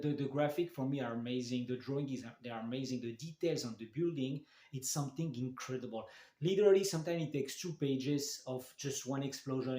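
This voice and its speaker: A man with a mid-range, slightly mellow voice reviews manga in a casual video, recorded in an echoey room. He is enthusiastic but halting, with many restarts and fillers.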